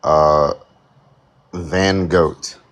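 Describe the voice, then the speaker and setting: A guest on a stream chatting and teasing in a deadpan way. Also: extremely low pitch, extremely slow. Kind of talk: casual chat on a stream.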